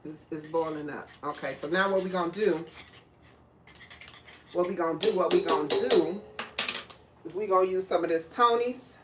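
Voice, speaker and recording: A woman's voice: fairly low pitch, normal speed, long pauses, very noisy. A woman hosting a live cooking stream, chatting casually with viewers and laughing often. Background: clinking dishes and cutlery.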